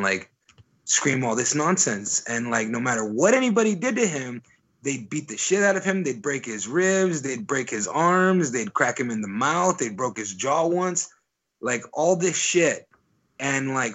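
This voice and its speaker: A man's voice: medium pitch, a bit bright. A young adult man co-hosting a podcast, telling stories in a rambling, profane, casual way full of filler words. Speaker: podcast co-host. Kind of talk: casual storytelling chat.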